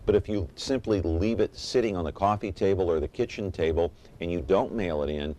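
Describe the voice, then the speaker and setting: A man with a very deep voice hosts a local talk show. He talks earnestly and directly to the viewers at home. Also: a little fast, dark tone.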